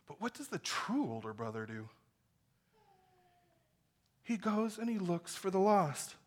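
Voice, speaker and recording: A man preaching a sermon from the pulpit. His voice sits high for a man. He preaches with feeling, rising to loud urgent calls and then dropping to quiet, earnest tones. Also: very animated, a little slow. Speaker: pastor.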